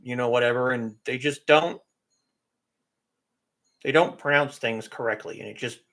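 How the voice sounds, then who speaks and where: A man hosts a casual livestream, speaking at a normal speed in a medium-pitched, fairly bright voice. He's opinionated and emphatic about getting pronunciation right.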